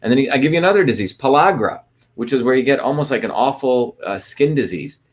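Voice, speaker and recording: He talks fast, with an animated, medium-pitched voice, while hosting a casual live online session. Greeting viewers by place, he meanders through ideas, stumbling into restarts and fillers along the way.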